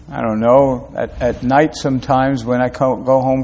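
A man's voice: mid-range voice, fairly even intonation, a little mellow. Man preaching an emphatic sermon. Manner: preaching with rising emphatic peaks and rhetorical questions; quick asides between slow, stressed phrases. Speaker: pastor.

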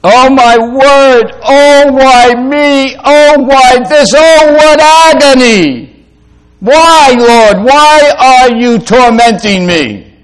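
A preacher acting out a self-pitying grumbler who wails complaints at the Lord in a high, strained voice. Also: male voice, drawn-out words, a bit bright, clean tone, full character voice, rough recording. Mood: whining.

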